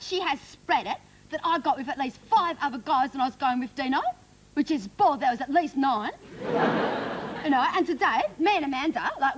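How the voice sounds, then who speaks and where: A woman's voice: sits high, pitched above the performer's own voice, lightly acted. A woman playing a cheeky, bratty teenage schoolgirl with an Australian accent, whiny and sarcastic, in a character comedy sketch. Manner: whiny, sarcastic, rambling with "you know". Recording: old TV broadcast with audience laughter and noise. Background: studio audience laughing.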